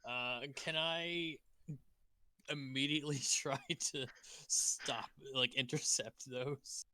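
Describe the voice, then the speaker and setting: A man's voice: medium pitch, slow pace, bright, forceful tone, no room sound. A man playing a tabletop game, casual and hesitant, often laughing between words. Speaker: player.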